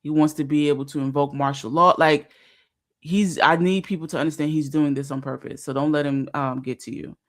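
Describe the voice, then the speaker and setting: A woman hosting a casual livestream, talking emphatically, repeating herself and filling pauses with fillers. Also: sits low, steady tone. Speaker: livestream host.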